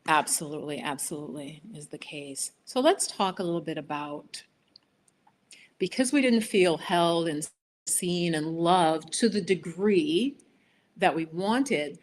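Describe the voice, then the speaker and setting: A woman teaching on a live stream, gently guiding listeners through slow affirmations and breathing. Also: fairly low pitch, expressive. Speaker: yoga and healing teacher hosting a live stream. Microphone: laptop for live video below her.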